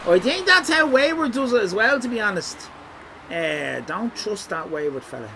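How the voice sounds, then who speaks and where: A man's voice: high voice, sing-song, moderate pace, vocal fry, noisy background. A man giving rambling, teasing live-stream commentary over a city walk. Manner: jokey, rambling, teasing chat.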